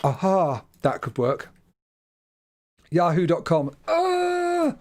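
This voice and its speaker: A man's voice: fairly high pitch, expressive, normal speed, darkish tone. Chatty British man streaming a game. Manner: chatty, self-deprecating, laughs often. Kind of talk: casual livestream game commentary.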